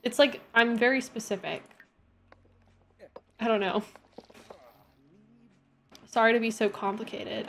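A woman's voice: on the high side, moderate pace, creaky, pauses often, a bit bright, a little hiss or hum. A young woman chatting casually as she plays a game on stream, talking to her characters and her viewers. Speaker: gaming streamer. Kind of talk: casual gameplay chat.

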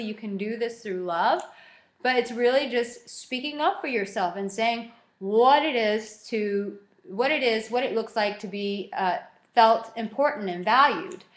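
Young woman, self-help speaker, animated, acts out dialogue, slightly high voice, roomy echo. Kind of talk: motivational talk to camera.

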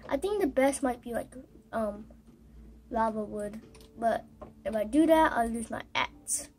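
A woman talks through her gameplay at an unhurried pace, her voice pitched somewhat high. She halts and restarts often, filling gaps with fillers. She sounds exasperated as things go wrong, with a faint hum of ambience behind her. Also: a little mellow. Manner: halting, exasperated, many fillers. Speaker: gamer recording gameplay. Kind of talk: casual gameplay commentary.

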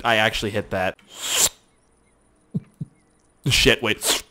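A young Canadian man with a lowish voice provides gameplay commentary as a gaming YouTuber, speaking at normal speed against a noisy background. His talk is crude and joking, full of swearing and lively outbursts.

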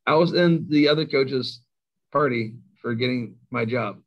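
A middle-aged man with a Kentucky accent, a high school coach telling stories as a guest, self-mocking and laughing often. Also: a little slow. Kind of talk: casual storytelling interview. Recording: slightly dull lo-fi sound.

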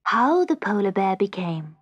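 A woman reading a children's story aloud, gentle and measured. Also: mid-range voice, sing-song, muffled recording. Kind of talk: read-aloud storybook narration.

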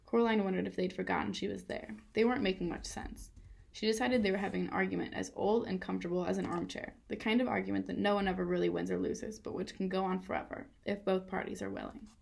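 Lady reading a kids book out loud, calm, lots of vocal fry. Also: medium pitch, fast. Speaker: reader. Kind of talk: children's book read-aloud.

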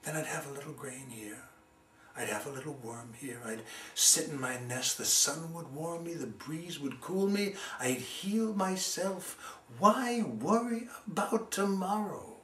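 A man's voice: sits high, animated, normal speed, slight background noise, pitched above the performer's own voice. A man voicing a carefree, cheerful little male sparrow in a told folk tale, light and untroubled, heard from a distant mic in a roomy space. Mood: content. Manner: bright, easygoing, untroubled.

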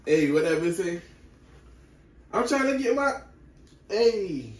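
A man's voice: high voice, slow pace, pauses often. A young man hosting a reaction video, telling a story with lots of laughing and swearing and acting out what people said. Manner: animated, laughing, swearing, acts out quotes. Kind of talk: casual storytelling and reaction chat. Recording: echoey room, mic at a distance.

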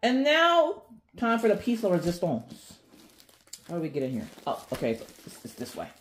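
A woman hosting an unboxing vlog, chatty and excitable, talking straight to her viewers. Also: lowish voice, normal speed, very noisy. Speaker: craft channel host.

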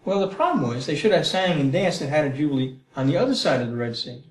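A middle-aged man teaching the Bible in a conversational way, animated and acting out prayers, often checking in with "Okay?" and "Right?". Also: fairly high pitch, fast talker. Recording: roomy echo.

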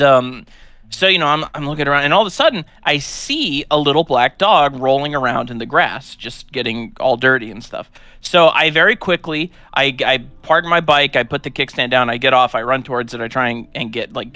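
A young man co-hosting a live stream, telling a rambling story in a casual, animated way with lots of fillers. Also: medium pitch, clear, resonant tone, dry recording. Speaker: streamer co-host.

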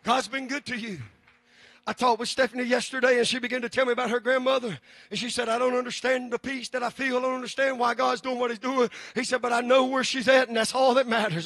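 A man preaching a sermon, building to shouted, drawn-out peaks and then dropping low and quiet. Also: fairly even intonation, no room sound. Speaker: pastor.

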